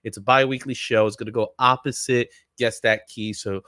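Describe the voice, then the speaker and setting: A man's voice: mid-range voice, steady tone, normal speed, bright, forceful tone, dry recording, studio quality. Upbeat man hosting a comics livestream. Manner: upbeat, chatty, greets chat viewers by name; laughs often, fillers like "you know what I'm saying". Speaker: livestream host. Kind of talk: casual livestream chat.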